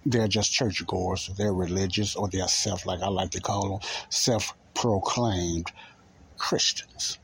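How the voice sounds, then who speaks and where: A man's voice: deep voice, a little hiss or hum, rough recording. A man preaching in a conversational style, repeating key phrases and pressing his listeners with rhetorical questions. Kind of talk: informal preaching.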